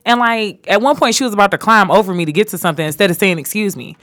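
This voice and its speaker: A young woman co-hosting a casual podcast, telling work stories in an animated way, full of fillers. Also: mid-range voice, very fast, dry recording, clean studio sound. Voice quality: animated storyteller, lots of fillers. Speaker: podcast co-host.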